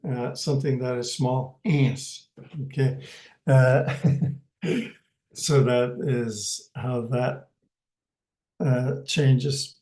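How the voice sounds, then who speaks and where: A man teaching a language class slowly and patiently, pausing often and repeating words as he explains them. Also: mid-range voice, darkish tone. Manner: hesitant, many pauses and fillers, repeats words. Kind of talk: slow, patient language lesson. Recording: roomy echo.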